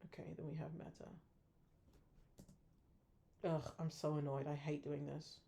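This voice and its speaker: Woman trader, casual self-review, gravelly and mellow-toned, blunt and frustrated with herself. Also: low voice, little pitch movement, measured pace.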